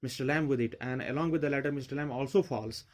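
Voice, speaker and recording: A man's voice: mid-range voice, quick pace. A male teacher with an Indian accent explaining a play line by line, restating each line in simpler words. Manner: explains each line, mixes in Hindi asides. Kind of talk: line-by-line literature lesson.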